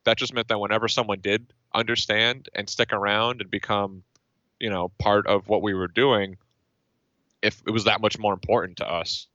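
A man's voice: lowish voice, fairly even intonation, normal speed, pushed and bright, no echo. A man, a band member, talking as a guest in a casual interview, thoughtful and full of fillers and restarts. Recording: dull, dry lo-fi sound.

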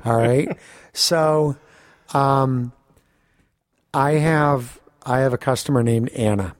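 A man co-hosting a podcast, telling a story in casual chat, animated, swearing and laughing often. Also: mid-range voice, takes it slowly, no echo, clean studio sound. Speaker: podcast co-host.

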